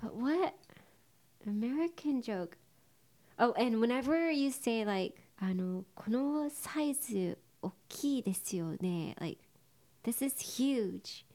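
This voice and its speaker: Young woman, slightly high pitch, giggly casual co-host. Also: unhurried. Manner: giggly, animated, frequent laughs and fillers. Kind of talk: casual bilingual chat.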